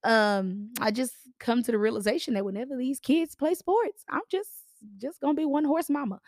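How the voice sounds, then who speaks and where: Hoarse raspy woman chatting on her podcast, kinda high voice, dry close sound, keeps saying y'all. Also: moderate pace, darkish tone, no echo. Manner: chatty, addresses listeners as y'all. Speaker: podcast host, realtor. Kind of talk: casual podcast monologue.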